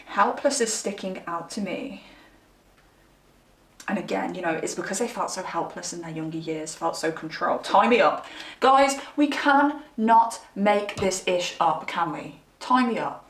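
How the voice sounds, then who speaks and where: A woman's voice: fairly low pitch, expressive, a little slow, echoey room, recorded from a distance. A young woman chatting candidly to her viewers while giving a pick-a-card tarot reading. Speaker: tarot reader.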